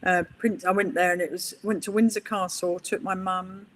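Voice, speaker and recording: A middle-aged woman, a guest on an interview podcast, telling stories in a chatty, animated way. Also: fairly low pitch, moderate pace. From England. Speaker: guest, pool player. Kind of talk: interview conversation.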